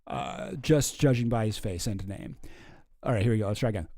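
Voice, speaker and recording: A man's voice: fairly low pitch, fairly quick, dark tone, dry recording, clean studio sound. A man hosting a casual commentary stream, reading news posts aloud with sarcastic, swearing asides. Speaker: streamer host.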